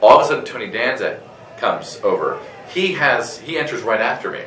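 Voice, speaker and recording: A male voice actor, a guest at a convention interview, telling a story in a lively way, full of fillers, restarts and laughter. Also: medium pitch, fairly quick, echoey room, distant mic, slight background noise, poor audio. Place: convention room.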